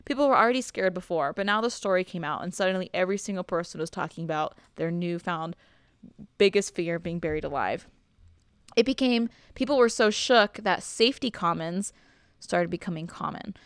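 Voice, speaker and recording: A woman's voice: fairly low pitch, clean tone, dry recording, clean studio sound. A young woman hosting a casual podcast, telling a spooky history story in a chatty way, swearing freely and laughing as she goes. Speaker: podcast host.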